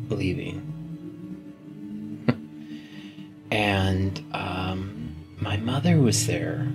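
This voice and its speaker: A man giving an emotional personal testimony, halting and hesitant, often sinking to a whisper. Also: sits low, vocal fry.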